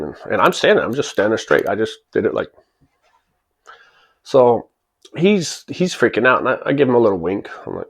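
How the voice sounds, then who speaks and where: A channel host in his forties tells a personal story casually and chattily, chuckling and acting out the people involved. His mid-range voice is brisk with big pitch swings, a casual spoken anecdote.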